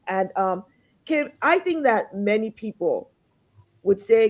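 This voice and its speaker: Encouraging woman host, mid pitch. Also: expressive, takes it slowly. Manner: warm, encouraging, introduces guests with enthusiasm. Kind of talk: hosting an online panel.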